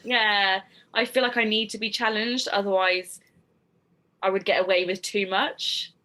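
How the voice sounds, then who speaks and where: Bright-voiced giggly British woman. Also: medium pitch, fairly even intonation, measured pace, rough recording. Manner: chatty, giggly, reads trivia notes. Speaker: co-host. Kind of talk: casual podcast chat.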